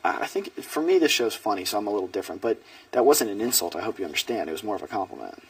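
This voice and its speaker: A man's voice: lowish voice, sing-song, no echo. A man acting as a reality show houseguest, rambling through private strategy talk and quoting others as he goes. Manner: rambling, fast, quotes others in reported speech. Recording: distant, dry room mic.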